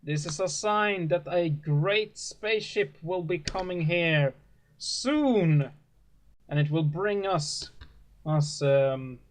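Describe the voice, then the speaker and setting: A man voicing a pompous preacher of a company cult who delivers grand, drawn-out sermons to his flock. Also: on the high side, expressive, pitched above the performer's own voice. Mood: preaching.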